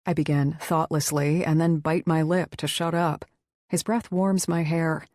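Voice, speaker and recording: A woman's voice: sits low, steady tone, normal speed, darkish tone, no echo, clean studio sound. A woman reading a first-person romance audiobook in an intimate, tender way. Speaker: audiobook narrator.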